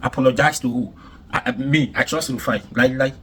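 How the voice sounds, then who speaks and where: A man's voice: medium pitch, brisk, a bit bright, slight background noise. A man with a Nigerian accent giving heated reaction commentary, indignant and emphatic, with lots of repetition. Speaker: commentary vlogger.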